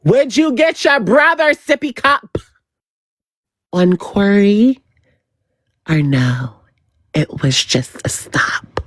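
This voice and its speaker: A woman streamer drags out every word at a very slow pace while she runs through gossip on her live. Her low voice swoops widely in pitch, and she leans on teasing, sing-song repetition. The sound is dry and close, with no room sound. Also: lively intonation, dry recording. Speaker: livestream host. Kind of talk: gossip commentary on a livestream.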